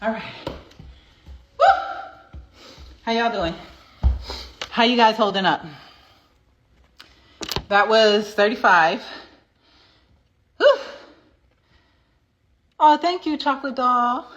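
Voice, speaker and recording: A woman hosting a casual livestream, chatty and energetic, chanting affirmations in rhythm while she counts out exercise reps. Her voice sits at a medium pitch and comes through a phone mic with faint background noise. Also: unhurried, long pauses, highs cut off. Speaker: livestream host.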